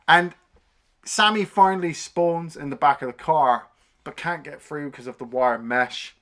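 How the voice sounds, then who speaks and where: A man recaps a film on a review podcast in a bright, forward voice. His delivery is casual and animated, with free swearing, and he often jumps up in pitch to act out lines from the scenes. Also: unhurried. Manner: animated retelling, swears freely, acts out scenes in raised voices.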